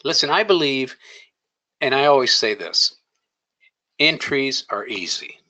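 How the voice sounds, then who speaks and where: A man walks through trading rules with a bright, forceful voice at a middle pitch. He talks in an emphatic, coaching manner and keeps asking his listeners questions. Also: lively intonation, measured pace, low-quality recording. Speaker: trading educator. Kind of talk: screen-share trading lesson.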